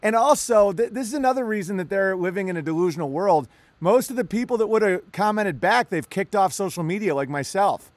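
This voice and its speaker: A man with a high voice co-hosts a loose podcast chat. He rambles, stammers, swears and laughs often. The mic is dry and close. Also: a little fast, no room sound. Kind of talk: casual podcast conversation.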